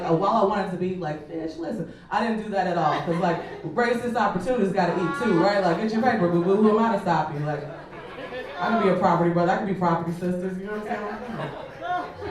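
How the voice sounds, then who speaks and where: Animated woman in an echoey club. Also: mid-range voice. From Chicago. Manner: animated, swearing, conversational with many fillers. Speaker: stand-up comedian. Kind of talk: stand-up comedy set. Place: comedy club stage. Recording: echoey club from a distant mic.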